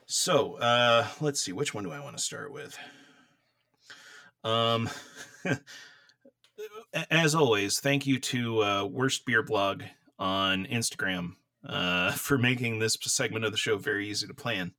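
A man's voice: on the low side, unhurried, bright, forceful tone, no room sound. A man co-hosting a casual beer podcast from home, rambling with lots of fillers and laughs, and coughing from dry air. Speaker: podcast co-host. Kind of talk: casual chat about beer. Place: home room.

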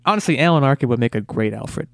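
A man's voice: mid-range voice, animated, fast, creaky, dry recording. A man hosting a casual movie podcast, talking eagerly and often repeating words as he restarts. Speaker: podcast host.

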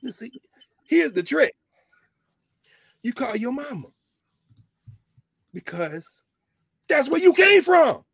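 A man giving an impassioned lecture with a preacher-like cadence, repeating phrases for emphasis and swinging from low murmurs to loud, emphatic peaks. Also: sing-song, takes it slowly, vocal fry, pauses often, husky, no room sound, studio quality. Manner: informal, with y'all and ain't. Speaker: lecturer speaking to a group.

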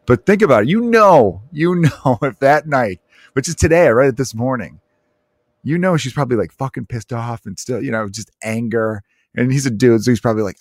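A man who is a comedian hosting his own podcast, telling stories in an animated, profane way with frequent laughter. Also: medium pitch, moderate pace, no echo, studio quality. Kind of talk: casual comedic podcast monologue.

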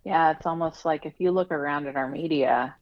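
Gravelly, slightly muffled male podcast guest. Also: fairly high pitch, a little fast, no room sound. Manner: reflective, speaks frankly with some swearing. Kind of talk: casual podcast conversation.

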